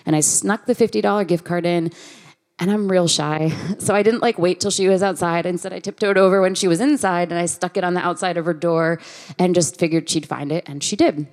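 A woman's voice: lowish voice, a little fast. A woman, preaching a conversational sermon full of personal stories and quoted dialogue. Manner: conversational, lively, acts out quoted voices. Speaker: guest preacher.

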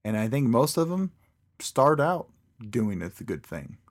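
Easygoing male co-host, mid-pitched, relaxed casual chat. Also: measured pace. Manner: easygoing, laughs often. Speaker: podcast co-host.

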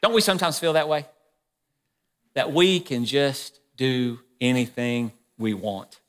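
A male pastor preaching a sermon in a church, conversational and animated as he retells a story, with the room echoing. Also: medium pitch, unhurried.

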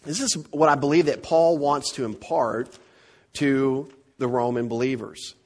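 A male pastor preaching a verse-by-verse sermon, animated and emphatic, often repeating words to drive a point home. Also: medium pitch, measured pace.

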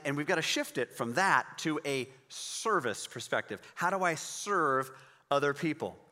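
Bright-voiced man preaching a sermon. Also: on the high side, big-room sound. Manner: conversational, encouraging preaching. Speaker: pastor.

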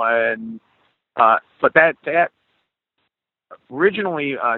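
A middle-aged man spinning a story, and he jumps into the voices of the people in it. His voice sounds husky and comes over a thin, phone-like line with no room sound around it. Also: medium pitch, no room sound. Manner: animated storyteller, acts out quoted dialogue. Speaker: guest musician. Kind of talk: storytelling in a podcast interview. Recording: tinny phone-like call audio.

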